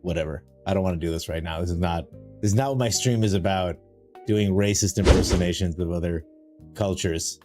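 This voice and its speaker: A man's voice: fairly quick, darkish tone. Rambling, jokey man streaming a card game. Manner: rambling, jokey, self-mocking; greets viewers in a high sing-song voice. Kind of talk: casual live-stream chat. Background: faint music.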